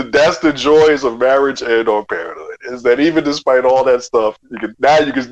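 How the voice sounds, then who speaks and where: A man's voice: medium pitch, muffled recording. A man hosting a podcast in casual chat, laid-back and reflective. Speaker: podcast host.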